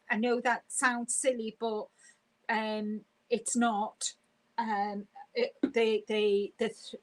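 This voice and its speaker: A woman hosting a casual live stream, chatty and quick to laugh as she reads viewer comments aloud. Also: a little high, rough recording.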